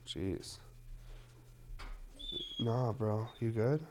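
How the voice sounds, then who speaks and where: A man's voice: on the low side, extremely slow, noisy background. A man in his thirties talking casually to his viewers, rambling with lots of fillers and frequent swearing. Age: 30s. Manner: loose, rambling, heavy on fillers, swears often. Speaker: cannabis vlogger.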